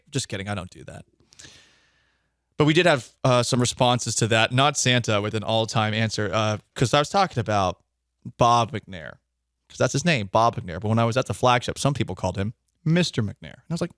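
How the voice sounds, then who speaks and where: A man's voice: mid-range voice, normal speed, a bit bright, no room sound. A man hosting a casual sports talk radio show in a studio, opinionated and joking as he reads listener comments.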